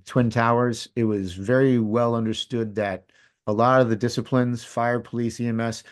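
A middle-aged man telling a personal story as a podcast guest, candid and rambling, his voice dropping to a hush and rising again. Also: mid-range voice, fairly even intonation, moderate pace. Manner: candid, rambling, swings between loud and hushed. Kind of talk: casual storytelling.

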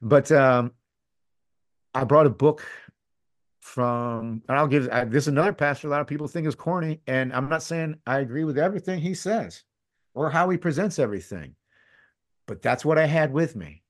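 A middle-aged man telling a personal story as a podcast guest, candid and rambling, his voice dropping to a hush and rising again. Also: a little high, moderate pace. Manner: candid, rambling, swings between loud and hushed. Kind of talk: casual storytelling.

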